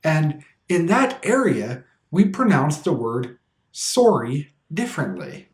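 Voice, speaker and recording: A young man with a Western Canadian accent teaching an English pronunciation lesson, speaking clearly and demonstrating sounds deliberately. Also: fairly high pitch, sing-song, a little mellow, echoey room.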